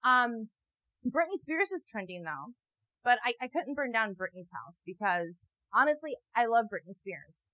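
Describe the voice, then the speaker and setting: A young adult woman riffs through a sarcastic, profane comic monologue, rambling and then jumping into loud mocking voices. Her voice is bright and a little high. The sound is dry and close, with no room around it. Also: very animated, a little slow, dry recording, poor audio. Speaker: comedian. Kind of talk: stand-up style comic monologue. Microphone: new wireless mic, walking around.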